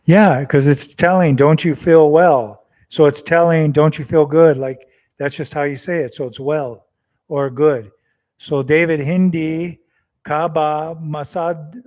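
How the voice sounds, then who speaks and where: A man filming a casual family vlog, patiently coaxing his child and repeating short phrases slowly so they can be copied. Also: fairly high pitch, darkish tone. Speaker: father and vlog host.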